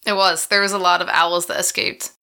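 Wry bright-voiced woman co-host. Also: on the low side, fairly quick. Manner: deadpan, wry punning. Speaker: podcast co-host. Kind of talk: casual podcast banter.

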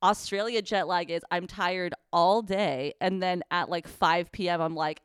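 A young woman co-hosting a podcast, jet-lagged and chatting casually, animated and swearing freely. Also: fairly low pitch, measured pace, hardly any pauses, clean tone, no room sound, studio quality. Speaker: podcast co-host. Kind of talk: casual chat.

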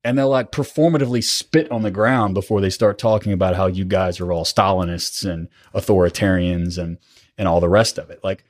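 A man's voice: sits low, brisk, a little mellow. A man hosting a political podcast, talking in an impassioned, rambling way and swearing often. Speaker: podcast host. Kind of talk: casual political chat.

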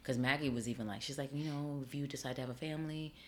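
A middle-aged woman, an actor and acting teacher, chatting in an interview and telling her story with lively acted-out dialogue. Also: extremely low pitch, quick pace, slight background noise. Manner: animated storyteller, acts out quoted dialogue. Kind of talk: casual interview chat.

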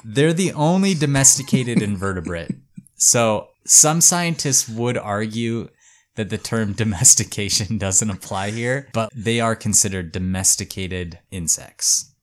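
A man's voice: lowish voice, a little slow. Laid-back man telling a story. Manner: relaxed, hedging, many "like" fillers. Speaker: podcast host telling a story. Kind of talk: casual storytelling chat.

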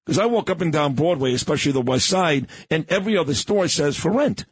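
A man's voice: a little high, fast, husky. A middle-aged man hosting a radio show, chatting and interviewing a guest in the studio. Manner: animated, conversational, interviewing. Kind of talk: casual on-air interview chat.

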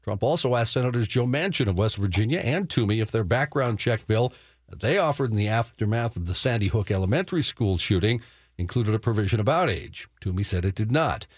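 On a sports talk radio show, a man reads the news in a studio, matter-of-fact and chuckling between stories as he mixes in banter. His voice is fairly low, expressive and brisk, in a dry recording.

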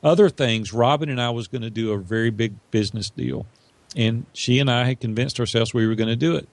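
A middle-aged man with a gravelly, creaky edge to his voice tells a personal story as a podcast guest. He talks earnestly and animates the quotes of others. The sound is close and dry. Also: medium pitch, fairly quick, dry recording. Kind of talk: storytelling in an interview.

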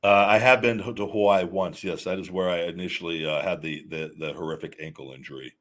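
A live-show host reads super chats from viewers in a low, steady, fairly bright voice, speaking fairly quickly. His talk is casual and emphatic, full of restarts.

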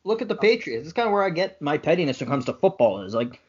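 A man's voice: a little high, sing-song, very fast, breathy edge. A man co-hosting a casual sports podcast, petty and joking as he imagines himself running a team. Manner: petty, joking, role-plays as a general manager. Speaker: podcast co-host. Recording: dull lo-fi podcast audio.

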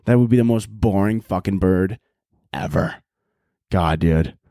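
A man hosting a solo podcast in casual chat, profane and rambling, mocking himself and jumping into loud, overdone voices to act out scenes. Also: sits low, a little slow, dry recording, studio quality. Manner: jumps to loud exaggerated voices when acting out scenes. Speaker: podcast host.

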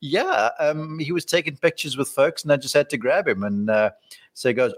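Relaxed rambling golf analyst man. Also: mid-range voice, fast. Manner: relaxed, rambling, many fillers and restarts. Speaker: golf analyst, podcast co-host. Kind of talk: casual golf analysis chat.

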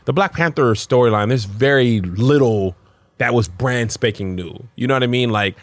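A man who is a comedian, a guest on a podcast, talking in an animated way and jumping high in pitch for emphasis. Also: moderate pace, dry recording. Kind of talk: casual chat.

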